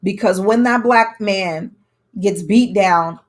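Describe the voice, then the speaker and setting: A woman's voice: mid-range voice, slow pace. A young adult woman telling a personal story to camera in a candid, conversational way, acting out what others said. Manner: candid, conversational, with emphatic quoted dialogue. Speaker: vlogger telling her own story.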